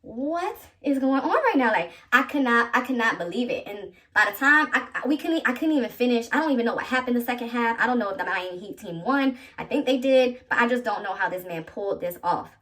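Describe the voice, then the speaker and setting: A woman in her thirties tells her viewers a personal story in an animated, chatty vlog style. Her voice sits a little high. She is heard slightly distant from the microphone. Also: fast talker, few pauses. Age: 30s. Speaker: vlogger.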